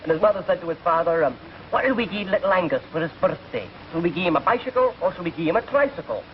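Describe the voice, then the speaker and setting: Here a chatty entertainer, a young man from England in his twenties who's just left the service, delivers jokes as 1940s film dialogue over a muffled old soundtrack with a bit of hiss or hum. High-pitched, expressive, and fast-talking, he's a genial storyteller who chuckles at his own gags.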